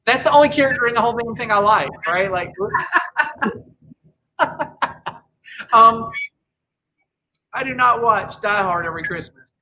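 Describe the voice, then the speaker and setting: A man's voice: very high-pitched, a little slow, pauses often, sharp tone, slight background noise, rough recording. A man co-hosting a podcast in casual chat, opinionated and rambling, often restarting his sentences. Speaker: podcast co-host.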